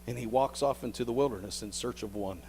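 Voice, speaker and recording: A male pastor preaching a sermon as a vivid story, often repeating words and dropping into hushed tones. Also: medium pitch, quick pace, a little hiss or hum, poor audio.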